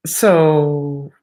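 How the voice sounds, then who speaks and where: A middle-aged woman chats on her laptop livestream, goofy and a little nervous as she rambles on. Her voice sits low and she talks slowly, sniffly from allergies. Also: mellow. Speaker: YouTube livestream host. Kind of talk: casual livestream chat. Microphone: laptop microphone.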